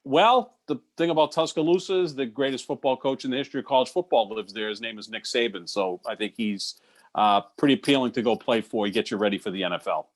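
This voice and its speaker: A man's voice: mid-range voice, fast talker. A man co-hosting a sports podcast, agreeable and easygoing, explaining points at length. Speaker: podcast co-host. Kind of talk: casual sports podcast chat.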